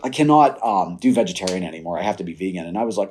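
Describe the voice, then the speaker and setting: A fairly low-voiced young man speaks with a dark, husky tone. He tells a personal story in a casual, animated way. He slips into quoting himself and others as he goes. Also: very fast, few pauses. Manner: animated, laughs while telling stories. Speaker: podcast guest.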